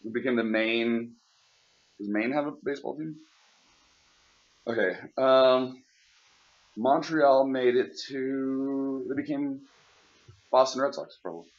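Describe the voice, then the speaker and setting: A man's voice: medium pitch, fairly even intonation, takes it slowly, pauses often, dull audio. A man co-hosting a radio show, cracking jokes and making wild guesses in casual banter. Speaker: radio co-host.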